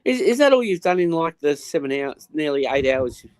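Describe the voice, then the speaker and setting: Lively joking man. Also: on the high side, brisk, smooth, dry recording. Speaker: friend on the stream call. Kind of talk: casual banter.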